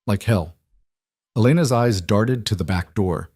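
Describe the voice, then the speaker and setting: A man narrating a scripted story in a steady, measured storytelling voice. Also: fairly low pitch, breathy edge, no room sound, clean studio sound.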